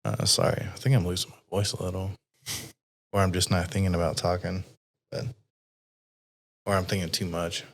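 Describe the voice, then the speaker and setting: A man talking in a low, even, unvaried voice. He hosts a casual interview chat, rambling through his thoughts with fillers and frequent swearing. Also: moderate pace, pauses often. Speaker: podcast host.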